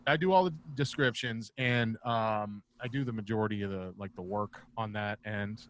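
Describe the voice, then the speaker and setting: A male stand-up comedian guesting on a video-call podcast, telling profane, animated stories in a casual chat. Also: on the low side, moderate pace, a little hiss or hum. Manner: profane, animated anecdote teller.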